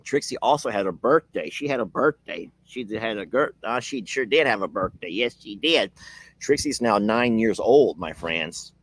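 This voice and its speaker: A man's voice: lowish voice, animated, moderate pace, a bit bright, no echo. A man hosting a casual live video from his ranch, chatting with viewers and laughing often. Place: outdoors at a ranch.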